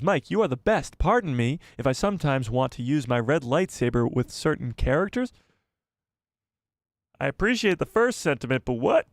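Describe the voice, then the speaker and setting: A man's voice: mid-range voice, vocal fry, no room sound, clean studio sound. A man hosting a casual live stream, reading out viewer messages and chatting back to them by name, laughing often, on a headset mic.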